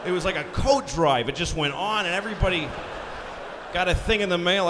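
A man in his forties from Boston doing live stand-up on a concert hall stage, ranting profanely with deadpan asides, speaking into a handheld mic. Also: high voice, a little fast, noisy background. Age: 40s. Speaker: stand-up comedian. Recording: live hall recording with long reverb and faint ambience.

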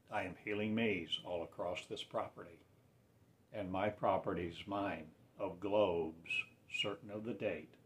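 Slow-spoken man in a rambling religious monologue. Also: a little hiss or hum. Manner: swings between quiet low mutters and loud raised declarations.

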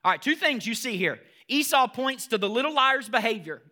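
A man's voice: very high voice, sing-song, a little fast, sharp tone. A man preaching a sermon as pastor, emphatic and asking the congregation rhetorical questions.

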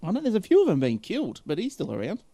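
A man's voice: high voice, wildly swooping pitch, fast, mellow, dry recording. A man hosting a casual talk show, reading news items aloud and chatting with his co-hosts, laughing often. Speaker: host.

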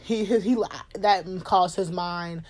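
A young woman telling a personal story in a candid, profane, laughing way, getting loud when she acts out scenes. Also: lowish voice, slow. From Cincinnati, USA. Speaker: podcast host. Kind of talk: casual storytelling monologue.

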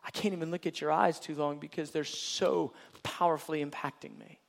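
Preacher voicing God, hushed and overwhelmed. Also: male voice, a little high, fairly even intonation, voice pushed down. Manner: hushed, halting, breathless asides. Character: awestruck God, overwhelmed by his beloved.

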